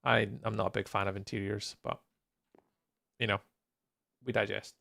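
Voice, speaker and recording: A man's voice: on the low side, flat delivery, normal speed, vocal fry, pushed and bright, dry recording. A man hosting a live stream, chatting casually and rambling while he builds and greets viewers, tired and yawning. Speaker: livestreamer and server host.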